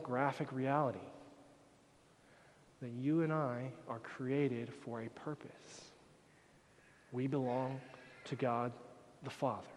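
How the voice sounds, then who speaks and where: A man's voice: mid-range voice, slight background noise. Impassioned preaching man in an echoing hall. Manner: swings from quiet to loud, impassioned preaching. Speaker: pastor. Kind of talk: sermon. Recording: long reverb of a large hall.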